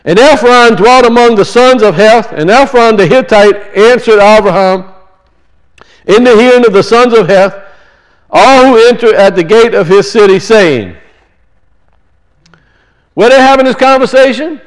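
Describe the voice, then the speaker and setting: A man's voice: high voice, measured pace, pauses often, low-quality recording. A man preaching a sermon, teaching through rhetorical questions and emphatic repetition.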